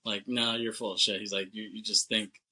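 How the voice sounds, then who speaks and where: A man's voice: lowish voice, level tone, fairly quick, sharp tone, slightly rough, poor audio. A young man co-hosting a podcast, casually recapping a movie plot with loose, profane talk and acted-out lines. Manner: loose and profane, acts out characters' lines with laughs. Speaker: podcast co-host.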